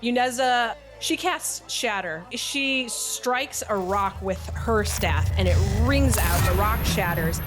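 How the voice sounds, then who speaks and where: A woman running a tabletop game as game master, narrating scenes in a vivid, steady way. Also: mid-range voice.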